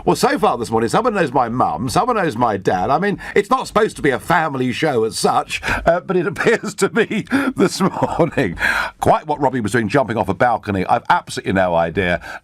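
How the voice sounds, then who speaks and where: A man hosting a radio phone-in show, lively and quick to stammer into his points. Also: mid-range voice, no room sound. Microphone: studio microphone.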